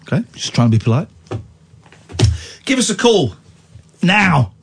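A man's voice: high voice, big pitch swings, a little slow, noisy background. A man hosting late-night radio, swinging between mock rants and dry offhand banter. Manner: mock-ranting, bombastic, then dry and offhand. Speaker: radio host.

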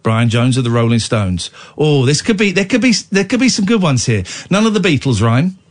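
A man's voice: mid-range voice, big pitch swings, brisk. A male radio host chatting jokily on a late-night show, teasing his co-host and callers and slipping into mock accents.

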